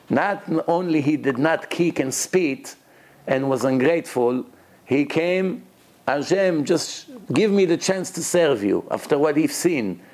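A man's voice: vocal fry, a little mellow. Man giving a religious lecture. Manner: storytelling, acts out quoted dialogue with rising pitch.

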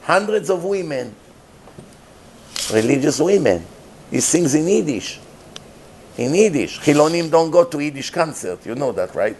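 A man's voice: a little high, very animated, a little slow, long pauses, darkish tone, slight background noise. A man giving a sermon as a rabbi, emphatic and repetitive, mixing in Hebrew and Yiddish terms.

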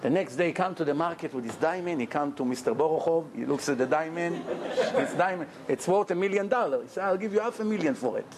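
A man telling a lively, joking story in a Torah lecture and acting out the characters as he goes. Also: a little high, fast, background noise. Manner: animated, jokey storyteller who acts out characters. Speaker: rabbi giving a Torah lecture. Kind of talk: storytelling sermon.

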